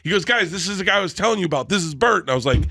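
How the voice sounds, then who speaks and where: An excitable man spins a comic story, acting out the other people's voices and laughing as he goes. His voice sits a bit high and rings bright and forceful, with big leaps in pitch. The sound is dry and close. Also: very fast, gravelly, dry recording. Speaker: storytelling guest. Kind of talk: animated storytelling on a podcast.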